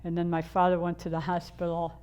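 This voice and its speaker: A woman's voice: fairly low pitch, monotone, brisk, darkish tone, clear, resonant tone. An older woman from the Chicago area telling her own life story in a candid, rambling way, full of fillers and restarts. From Chicago area, USA. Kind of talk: personal storytelling.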